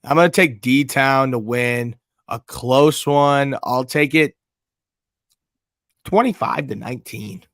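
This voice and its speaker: Hoarse joking man, dry sound. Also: medium pitch, slow, no echo. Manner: loud, joking, swears freely. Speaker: podcast co-host. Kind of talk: casual sports chat.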